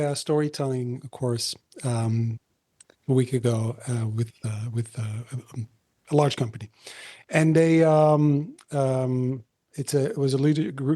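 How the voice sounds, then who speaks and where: A man hosting a podcast, telling an anecdote in casual chat, halting and full of fillers. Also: medium pitch, dark tone. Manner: halting, many fillers and restarts. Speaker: podcast host.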